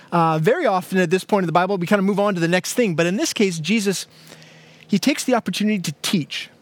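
With a high voice and no echo, a male pastor delivers a sermon in a conversational way. He leans on frequent fillers, restarts, and repeated words.

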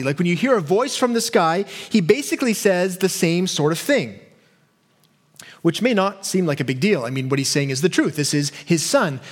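A pastor with a high, light voice delivers a sermon. He is earnest and grows animated when he acts out imagined questions to God. He drops quiet and low for his key points.

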